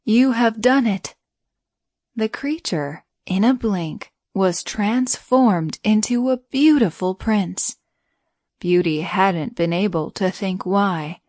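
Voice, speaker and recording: A woman reading a bedtime story aloud in a soothing, even way. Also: medium pitch, takes it slowly, dry recording, clean studio sound.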